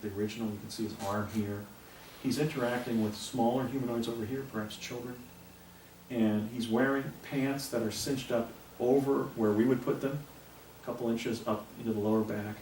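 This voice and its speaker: Older man, halting, in an echoey room. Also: on the low side, steady tone, a little mellow. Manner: rambling, halting delivery with frequent restarts. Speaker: speaker presenting images to an audience. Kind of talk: recounting a personal story in a talk. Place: presentation room with a projector. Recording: echoey room, distant mic, faint hiss.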